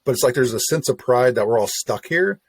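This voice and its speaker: A man from Illinois hosting a podcast, chatting in a relaxed, rambling, agreeable way. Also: mid-range voice, brisk, slightly rough, no echo. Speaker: podcast host. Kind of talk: casual interview chat.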